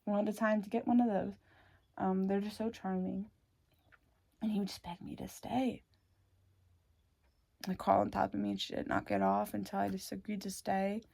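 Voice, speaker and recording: A young woman telling her own story in a casual, rambling way, swearing often, breaking off mid-thought and adding wry dark humor. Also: medium pitch, flat delivery, moderate pace, vocal fry, slightly rough. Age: young adult. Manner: rambling and frank, swears often, self-interrupting.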